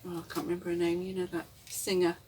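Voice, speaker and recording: A woman's voice: fairly low pitch, monotone, fast, warm tone, distant mic, a little hiss or hum. A woman, rambling reflectively and candidly in a casual vlog, often chuckling. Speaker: vlogger. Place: inside a camper van.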